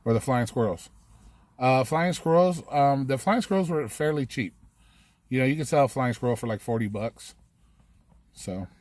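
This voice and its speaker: A man's voice: mid-range voice, animated, moderate pace, pauses often, a little mellow, no echo. Dude swearing nonstop while he rambles through a story, dry close sound. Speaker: livestream host. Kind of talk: casual storytelling.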